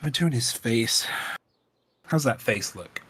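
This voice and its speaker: Bright-voiced man chatting and laughing. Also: medium pitch, slow, slightly rough. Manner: laughs often, swears freely, animated storyteller. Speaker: stream host. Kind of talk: casual chat while painting miniatures.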